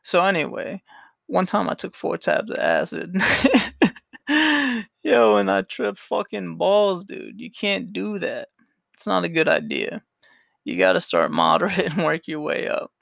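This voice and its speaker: A young man hosts a casual solo podcast, rambling through a story with plenty of swearing and frequent laughter. His voice is on the high side and heavily gravelly with fry, and it swings widely in pitch. The sound is close and dry. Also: big pitch swings, measured pace, a bit bright, no echo. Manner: rambling, profane, laughs often. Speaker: podcast host.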